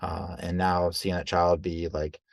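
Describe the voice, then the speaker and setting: A man, a guest coach, telling stories in a loose, conversational way, acting out quoted dialogue with lively jumps in voice. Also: sits low, unhurried, vocal fry, no room sound. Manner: animated, acts out quoted dialogue; loose, conversational with fillers like right and like. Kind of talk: casual storytelling in an interview.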